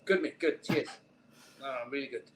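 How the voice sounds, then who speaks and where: A Welsh man with a Welsh accent, a guest on a casual podcast, relaxed and quick to laugh, with some hesitant starts. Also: medium pitch, poor audio. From Wales.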